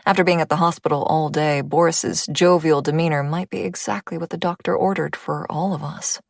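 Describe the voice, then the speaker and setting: A woman's voice: low voice, fairly even intonation, brisk, creaky, dry recording, clean studio sound. A woman reading a first-person audiobook, intimate in tone and dropping to a whisper at tense moments. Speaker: audiobook narrator.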